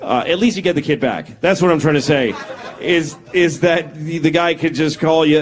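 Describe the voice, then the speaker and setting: A man in his forties performing a self-deprecating, deadpan stand-up comedy set on stage. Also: on the high side, normal speed. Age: 40s. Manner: deadpan, self-deprecating, acts out bits in character voices. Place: comedy stage before a live audience. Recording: live set with loud crowd laughter.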